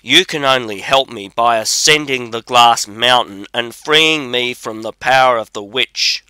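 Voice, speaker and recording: A man reading the lines of an enchanted young princess who pleads fearfully, in a gentle, imploring storybook delivery. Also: mid-range voice, a little slow, clean tone, no room sound.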